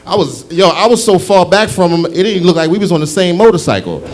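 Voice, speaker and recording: Man, somewhat high voice, crude rambling stand-up, club stage, handheld mic. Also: very animated, normal speed. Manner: loud hype-man shouting, then rambling crude storytelling. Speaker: stand-up comedian. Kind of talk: stand-up set.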